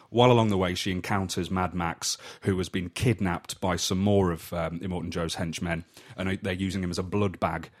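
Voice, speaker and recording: Deep-voiced man hosting. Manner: leads the talk, summarizes plots. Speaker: podcast host. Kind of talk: casual film review chat.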